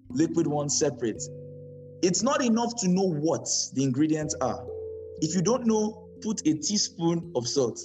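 A man's voice: a little high, poor audio. Emphatic preacher man, music beneath. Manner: emphatic, repeats key words, digresses with humor. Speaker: pastor. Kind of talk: sermon.

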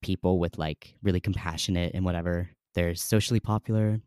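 A man's voice: low voice, fairly even intonation, brisk, darkish tone, clean tone, dry recording, studio quality. A young man hosting a podcast in a casual, rambling way, full of "um" and "like". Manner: chatty, rambling, many fillers. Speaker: podcast host.

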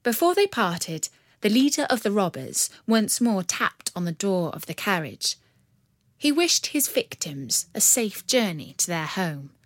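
A woman reading a storybook aloud in a measured, expressive way. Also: fairly low pitch, no echo, clean studio sound. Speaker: narrator. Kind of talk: storybook narration.

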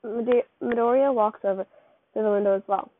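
A woman with a fairly high-pitched voice reads second-person fan fiction aloud at a normal pace, casually and ramblingly, stumbling and restarting often. The recording sounds tinny and dry, like a phone.

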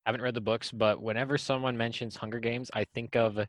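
A man's voice: mid-range voice, little pitch movement, fast, no echo. A man hosting a podcast, chatting casually and steering the conversation to others. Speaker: podcast host. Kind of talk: casual chat.

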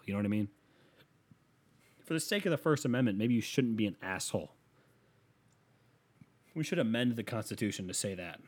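Man podcast host, slight lisp, rambling profane rant, lowish voice.

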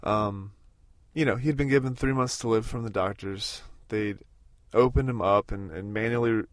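A man's voice: lowish voice, normal speed, no room sound, clean studio sound. A man in his thirties hosting a podcast in a casual, rambling way, with lots of fillers and restarts. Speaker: podcast host. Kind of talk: casual spoken podcast recorded on a road trip.

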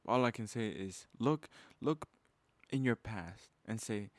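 Young male podcast host, low-pitched, casual and intense pep-talk delivery, dry close mic. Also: a little slow, no echo. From Mexican heritage. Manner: casual, fired-up, uses "bro" and "man". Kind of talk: motivational podcast monologue.

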